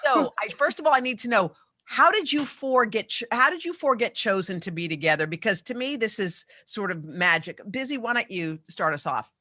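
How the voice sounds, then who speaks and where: A woman hosting a casual talk show chat, gushing and animated. Her voice is bright and forward, and the sound is dry with no room around it. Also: mid-range voice, fairly quick, dry recording. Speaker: host.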